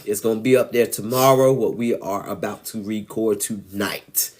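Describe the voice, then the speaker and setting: A man co-hosting a live relationship chat in a casual, joking, folksy way, with a voice that is still changing and slightly raspy. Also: lowish voice, fairly even intonation, moderate pace, slight background noise. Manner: laid-back, joking, folksy. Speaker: podcast co-host.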